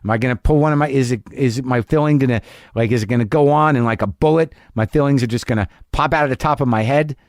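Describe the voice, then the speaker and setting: A man's voice: mid-range voice, fast, a little mellow, dry recording, studio quality. A man hosting a podcast, telling a comic story in a rambling, anxious, self-deprecating way that bursts into rants. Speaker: podcast host. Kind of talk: comedic storytelling monologue.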